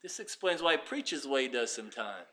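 A male pastor preaching a fervent sermon, swinging between hushed passages and shouted exhortation. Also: mid-range voice, sing-song, a little fast.

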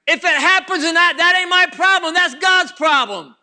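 A man's voice: very high voice, normal speed, pushed and bright. A man preaching a sermon, fervent and repetitive, talking straight to his congregation.

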